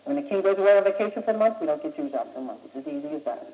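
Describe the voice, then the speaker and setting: High-voiced young man giving a blunt speech. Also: lively intonation, very fast. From United States. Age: young adult. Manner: blunt, streetwise and insistent. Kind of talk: impassioned speech. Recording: old muffled recording in an echoey room.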